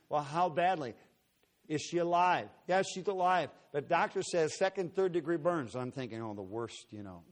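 A middle-aged male preacher telling a personal story in a sermon, acting out the dialogue dramatically. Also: medium pitch.

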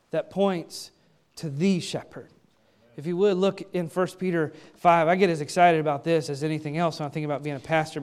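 A man with a high voice preaches a sermon from the pulpit. He reads scripture aloud and stresses key words with emphasis. He poses questions and then answers them himself. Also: darkish tone, smooth. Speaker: pastor.

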